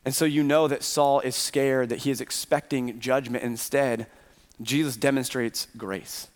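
A man's voice: medium pitch, fairly even intonation, measured pace. A man preaching a Sunday sermon as pastor, earnestly posing rhetorical questions to his congregation. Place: church sanctuary. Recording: reverberant hall.

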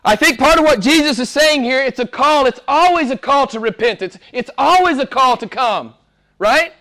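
A man preaching a sermon as pastor, moving between hushed, almost whispered lines and loud, emphatic passages. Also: extremely high pitch, animated, normal speed.

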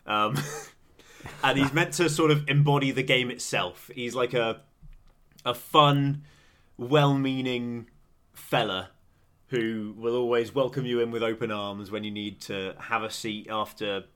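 A young man with an English accent chats on a casual podcast, mid-pitched and ordinary in tone. He laughs a lot, trips over his words and restarts his sentences as he rambles along. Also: fairly even intonation, a little slow, fairly bright tone. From England. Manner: giggly, rambling with frequent restarts. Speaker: podcast co-host. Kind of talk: casual chat.

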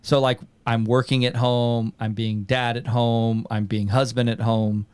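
A young man hosting a podcast in casual chat, who swears freely and tells animated stories with quoted voices. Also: medium pitch, a little slow, clear, resonant tone, no room sound. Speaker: podcast host.

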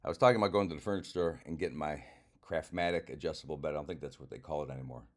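Very deep-voiced older man, wry. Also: very fast. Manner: wry, self-mocking, swears freely. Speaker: comedian. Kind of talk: casual rambling monologue.

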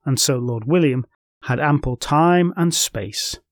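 A man's voice: mid-range voice, slow. A man hosting a folklore podcast, telling the tale with wry personal asides. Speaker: podcast host. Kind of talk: scripted folklore storytelling.

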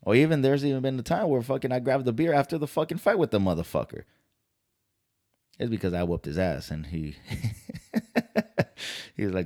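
A man's voice: mid-range voice, expressive, normal speed, long pauses, dark tone. A man hosting a podcast, ranting in a casual, heated and profane way. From California. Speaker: podcast host. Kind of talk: casual commentary.

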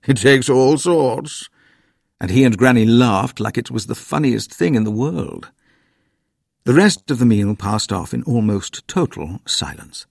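A man reading a ghost story aloud in measured, quietly dramatic scripted narration. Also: medium pitch, lively intonation, gravelly, dry recording, studio quality.

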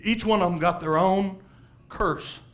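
High-voiced man preaching a sermon. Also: unhurried. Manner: animated preaching with laughs and acted-out quotes. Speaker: pastor.

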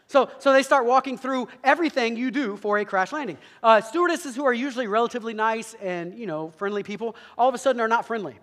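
A man with a high voice tells a funny story from the pulpit at a rapid clip. His animated delivery is full of asides to the listeners, and his voice rings with the long reverb of a big hall. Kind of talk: humorous sermon story.

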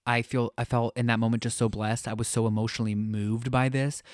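A man gushes through a casual travel story on a podcast. His voice sits at a middle pitch and sounds dry and close to the mic. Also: level tone, fairly quick, no room sound. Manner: effusive, gushing storyteller. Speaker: podcast co-host.

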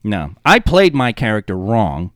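A man co-hosting a podcast, chatting casually and telling animated, profane stories about game night. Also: on the low side, unhurried, no room sound, clean studio sound. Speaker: podcast co-host. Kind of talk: casual chat.

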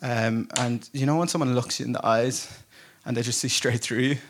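A male pastor preaching to his congregation with a relaxed, chatty delivery. He tells stories like a friend would, pokes fun at himself and often breaks into a laugh. His voice sits at an ordinary middle pitch for a man. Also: moderate pace, a little hiss or hum. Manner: casual storytelling, self-deprecating humor, laughs often. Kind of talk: conversational sermon. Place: church service before a congregation.

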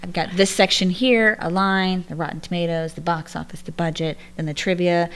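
A woman's voice: fairly low pitch, steady tone, moderate pace, smooth. A woman co-hosting a podcast, chatting casually and rambling through stories. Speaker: podcast co-host. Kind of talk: casual chat.

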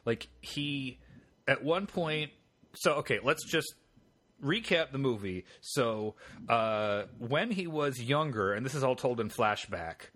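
A man's voice: mid-range voice, lively intonation, slow pace, a bit bright. A man co-hosting a podcast, chatting casually through a film recap and acting out quoted lines in funny voices. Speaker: podcast co-host. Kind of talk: casual film review chat.

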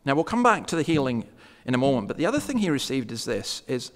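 A man delivers a sermon in a church at an ordinary middle pitch. He talks to his congregation conversationally and slows down deliberately to stress his points. A long reverb trails behind each phrase. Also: very animated. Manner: conversational preaching, slows for emphasis. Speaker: preacher.

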